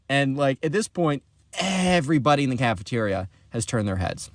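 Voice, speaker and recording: A young man telling a story in a casual, animated vlog style, with lots of chatty fillers. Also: mid-range voice, moderate pace, no echo, studio quality.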